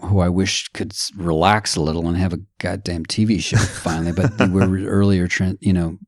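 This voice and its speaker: Middle-aged male guest, deep voice, animated and digressive, dry close mic. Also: moderate pace, dry recording. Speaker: podcast guest. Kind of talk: casual conversation.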